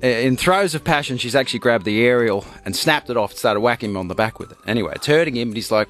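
A man hosting breakfast radio, playful and quick to laugh as he tells a joke. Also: mid-range voice, animated, a bit bright. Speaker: radio host.

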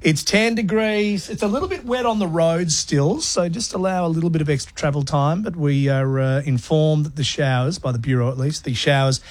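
A man voicing a brash male commercial radio DJ with punchy, fast announcer patter. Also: fairly high pitch, no echo, close to an everyday voice. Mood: upbeat.

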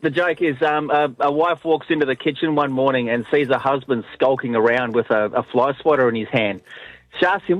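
A man's voice: medium pitch, a little fast, no room sound, narrow, tinny audio. Easygoing male caller. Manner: easygoing storyteller. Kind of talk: telling a joke on air.

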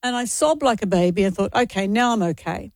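A woman's voice: medium pitch, animated, fairly quick, dry recording, clean studio sound. A woman, co-hosting a radio show in casual chat, emotional and rambling. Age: 60s. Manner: emotional, tearful, rambling and candid. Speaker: radio co-host.

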